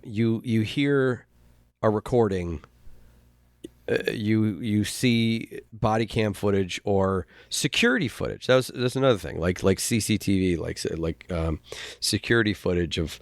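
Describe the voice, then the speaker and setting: A man hosting a casual podcast chat, talking haltingly with frequent restarts and sighs. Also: lowish voice, dry recording, studio quality. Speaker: podcast host.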